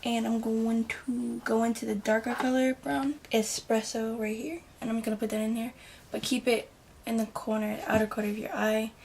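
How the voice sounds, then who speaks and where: A chatty woman beauty vlogger talks through her makeup step by step in a fairly high voice. She rambles and now and then drops into soft muttered asides. A faint hiss sits under her voice. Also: little pitch movement, moderate pace. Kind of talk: casual makeup tutorial.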